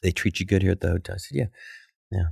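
A middle-aged male comedian telling a backstage anecdote in an animated, profane way, acting out the people he quotes. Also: low-pitched, fast talker, vocal fry, slightly rough, dry recording, studio quality. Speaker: comedian guest. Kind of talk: storytelling anecdote.

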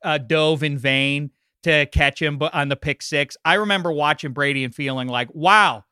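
A man co-hosting a casual sports talk show, animated and opinionated, full of asides. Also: on the high side, moderate pace, smooth, no echo, studio quality.

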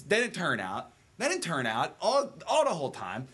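A man's voice: fairly high pitch, wildly swooping pitch, moderate pace, a bit bright, husky. A man telling rambling comic stories in a folksy voice with loose grammar. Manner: folksy, storytelling, dropped grammar. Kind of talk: casual comedic banter.

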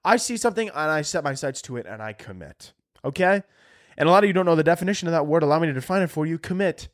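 A young man hosting a comedy podcast with a fairly high voice that swoops all over the place. He rants sarcastically and swears a lot, and his voice cracks up high whenever he gets worked up. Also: lively intonation, rapid-fire. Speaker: podcast host.

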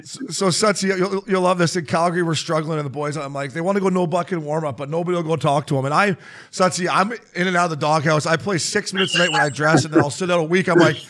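A man hosting a podcast, telling animated, profane hockey stories in casual chat and acting out quotes. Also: a little high, fast talker. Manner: animated storyteller, swears freely, acts out quotes. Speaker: podcast host.

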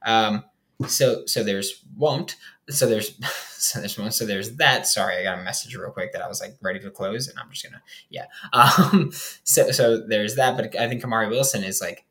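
A young man hosts a casual sports talk show in a rather low voice. He talks in a loose, rambling way, stacking fillers and restarting his sentences as he works through the roster. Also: moderate pace, bright, forceful tone. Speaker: sports podcast host. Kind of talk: casual football analysis.

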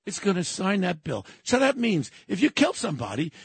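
High, gravelly, shouting man in his 70s. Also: wildly swooping pitch, brisk. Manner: angry, shouting, ranting. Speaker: radio co-host. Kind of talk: political talk radio rant.

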